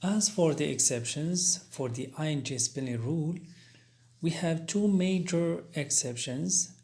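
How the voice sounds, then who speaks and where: A man teaching an English grammar lesson, explaining spelling rules slowly and deliberately, spelling out letters with careful pauses and fillers. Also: fairly high pitch, warm tone.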